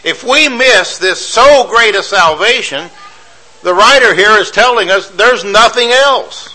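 A male preacher delivering a sermon in a bright, forceful voice pitched a little high. He drives his points home by repeating phrases and firing off rhetorical questions. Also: animated, unhurried, poor audio.

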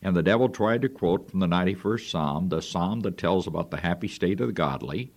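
A man with a low, gravelly voice preaches a radio sermon. His delivery is earnest and folksy, and his pitch rises and falls widely. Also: animated, fairly quick.

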